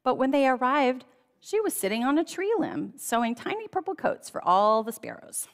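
A woman's voice: high voice, big pitch swings, moderate pace, in a large hall. A woman reading a children's storybook aloud in a church, telling it expressively and lingering on key phrases. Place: church sanctuary.

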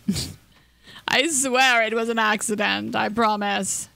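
A woman's voice: medium pitch, steady tone, normal speed, creaky, background noise. A young woman casually commenting on her gameplay, chatty and scattered, giggling and cooing at little in-game creatures. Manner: hyper and scattered. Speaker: let's play host.

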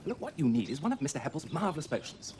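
A jovial gent. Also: male voice, on the high side, big pitch swings, very fast, darkish tone. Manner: jovial, teasing, theatrical. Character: charming upper-class Edwardian gentleman. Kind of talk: 1970s television period drama. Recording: hissy old TV soundtrack.

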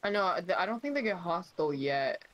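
A woman's voice: on the low side, big pitch swings, fairly quick, fairly bright tone, highs cut off. A woman guesting on a game stream, chatting casually and insisting on her plans in a playful way. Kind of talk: casual gaming chat. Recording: noisy mic.

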